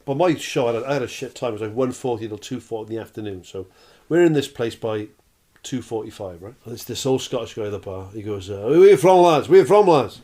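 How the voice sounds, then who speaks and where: A man's voice: on the low side, fast talker, hardly any pauses. A man telling a funny story in casual chat, acting out voices and laughing. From Wales. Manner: animated, laughing anecdote with acted-out voices. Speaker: podcast co-host.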